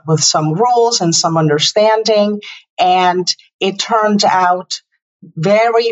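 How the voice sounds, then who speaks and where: Woman, 50s, parenting guest, reflective, halting restarts, distant muffled audio. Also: on the low side. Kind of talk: interview storytelling.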